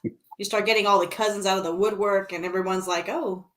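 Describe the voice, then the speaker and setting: A woman's voice: medium pitch, steady tone, fast. A woman co-hosting a casual podcast, joking and teasing her guest in playful banter. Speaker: podcast co-host.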